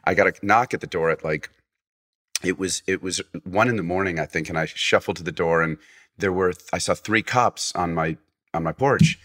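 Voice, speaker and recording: A man's voice: sits low, moderate pace, a bit bright. A man guest telling a long anecdote in casual conversation, full of restarts and acted-out quotes. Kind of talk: casual storytelling.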